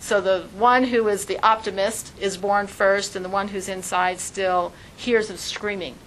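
A woman's voice: medium pitch, measured pace, a little hiss or hum, low-quality recording. A woman teaching a spiritual talk, telling stories animatedly and often saying "like". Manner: animated storytelling, frequent "like". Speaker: religious teacher.

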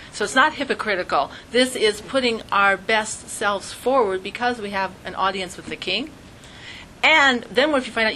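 A woman teaching a religious class, explaining with animated little acted-out scenes. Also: fairly high pitch, moderate pace, a little hiss or hum, rough recording. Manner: animated, acts out little scenes in quoted voices. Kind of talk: Jewish studies class lesson.

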